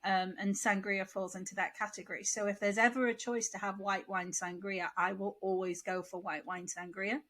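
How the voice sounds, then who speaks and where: A woman's voice: medium pitch, flat delivery, normal speed, few pauses, a bit bright. A woman co-hosting a podcast, chatting casually and rambling with a lingering cough. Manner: chatty, rambling, asks questions aloud. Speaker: podcast co-host. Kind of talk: casual chat.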